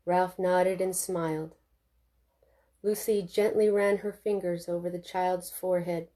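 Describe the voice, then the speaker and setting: A woman reading her own novel aloud in a steady, expressive way. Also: lowish voice, a little slow. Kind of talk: audiobook narration.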